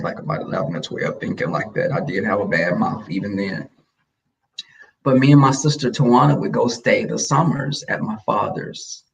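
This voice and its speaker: A man's voice: medium pitch, vocal fry, far from the mic, poor audio. A man telling family stories in casual chat, blunt and slangy, acting out the voices of the people he quotes. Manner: animated, acts out quoted voices.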